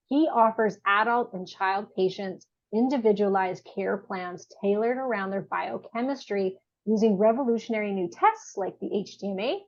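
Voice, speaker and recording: Woman, podcast host, chatty, bubbly, slightly high voice, muffled lo-fi mic. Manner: chatty, bubbly, laughs easily. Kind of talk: casual interview hosting. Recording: dull backup microphone.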